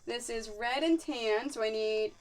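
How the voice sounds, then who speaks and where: A woman's voice: fairly high pitch, measured pace, a little hiss or hum. Chatty woman live-streaming from her sewing studio. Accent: mixed American and Canadian. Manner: chatty, scattered, talks to chat and her dogs. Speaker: quilting streamer. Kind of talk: casual live-stream chat while working.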